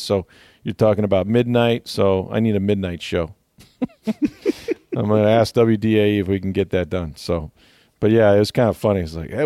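A man with a low-leaning, slightly mellow voice hosts a sports podcast, recorded clean in a studio with no room sound. He chats casually and rambles, using fillers and laughing easily.

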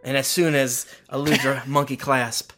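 A man's voice: mid-range voice, level tone, normal speed. A man co-host chatting and joking with a stammer, reading listener feedback. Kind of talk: podcast chat. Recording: noisy mic line.

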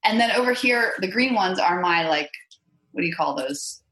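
A woman's voice: on the low side, lively intonation, normal speed, a bit bright, roomy sound, poor audio. A woman guest in a casual podcast interview, talking chattily about her business numbers with lots of fillers. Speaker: real estate investor guest.

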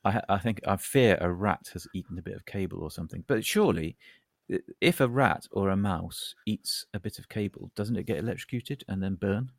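Man, fifties, deep, gravelly, jokey, rambling, podcast co-host. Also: fairly quick, no echo, clean studio sound. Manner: jokey, rambling, bursts of excitement. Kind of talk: casual chat. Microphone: computer mic on a remote call.

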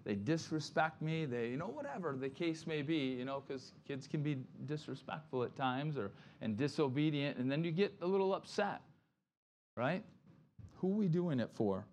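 A man's voice: fairly high pitch, animated, normal speed, a little mellow, a little hiss or hum. A male pastor preaching a conversational sermon, often checking in with "right?" and acting out grumbling complainers in quoted asides.

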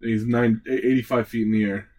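Man, player, fast talker, casual chat, slight background noise. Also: medium pitch, steady tone. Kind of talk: casual tabletop game chat.

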